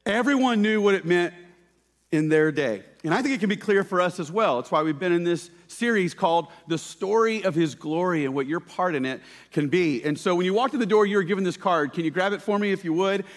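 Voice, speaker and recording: A man preaching a sermon, telling stories with lively shouted quotes. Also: sits high, brisk. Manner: animated storytelling with shouted quotes. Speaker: pastor. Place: church sanctuary. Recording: church hall reverb.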